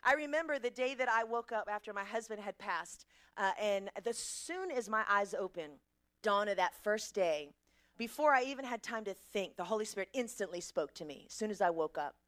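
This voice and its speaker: A woman's voice: medium pitch, lively intonation, normal speed, fairly bright tone. A middle-aged woman preaching a sermon, emphatic, asking the congregation questions and answering them herself.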